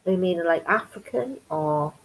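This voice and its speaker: A middle-aged woman from County Durham with a North East English accent, telling stories in a chatty vlog and acting out quoted voices with big pitch jumps. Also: animated, measured pace, rough recording. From County Durham, England. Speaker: crafting vlogger. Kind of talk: casual storytelling chat.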